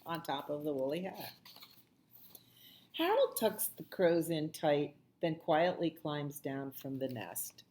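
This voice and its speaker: Slow sing-song librarian woman. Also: low-pitched, very animated. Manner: slow, sing-song, with soft asides to the children. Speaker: children's librarian. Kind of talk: reading a picture book aloud to children.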